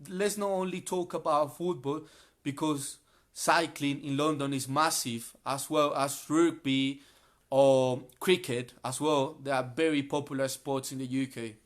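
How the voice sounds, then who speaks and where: A man who is a guest in a live online English class, chatting in a friendly, relaxed way and explaining things plainly. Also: fairly high pitch, a little slow. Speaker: guest sharing travel tips.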